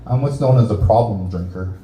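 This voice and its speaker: A man's voice: fairly low pitch, fairly quick, reverberant, muffled recording, a little hiss or hum. A Canadian man doing a stand-up set in a small bar, teasing the audience with crude jokes. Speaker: stand-up comedian. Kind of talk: stand-up set with crowd work.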